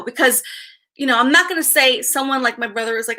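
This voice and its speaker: A woman's voice: sits high, normal speed, pushed and bright. A woman in her thirties chatting casually on a livestream, sighing often and repeating herself as she talks. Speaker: vlogger.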